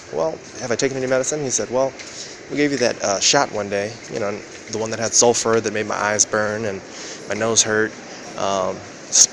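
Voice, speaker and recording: A man vlogging in a rambling, profane monologue, acting out quoted exchanges with sudden jumps in pitch. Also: noisy background. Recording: loud background ambience.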